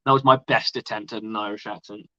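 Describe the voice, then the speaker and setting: Talking fast in a fairly low, steady voice with a bright, forceful tone, a man from outside the US hosts a live stream. He rambles casually about sports and swears freely; the audio is lo-fi, dull, and dry, without echo.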